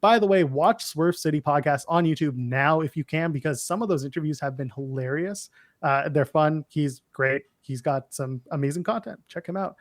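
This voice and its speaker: A man's voice: a little high, moderate pace, no room sound, clean studio sound. A man co-hosting a casual wrestling podcast, opinionated and snarky as he runs through lists. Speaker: podcast co-host.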